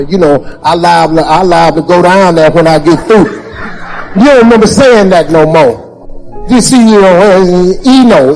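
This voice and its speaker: A man's voice: high voice, a little mellow, long reverb tail, poor audio. A man giving a motivational speech, emphatic and full of repeated rhetorical questions in folksy grammar. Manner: folksy Southern-style grammar. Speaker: motivational speaker.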